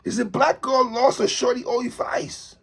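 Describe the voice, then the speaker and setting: In an extremely high, creaky voice with a breathy edge and normal speed, a male commentary vlogger animatedly critiques a TV host. "Sister, respectfully" keeps getting added to his remarks.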